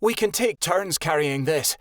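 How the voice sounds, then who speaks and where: A bossy young male wolf, voiced by a man in a higher register than the man's own, giving brisk orders. The pitch swings in a lively way, and the reading sounds dry and close. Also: no room sound. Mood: practical.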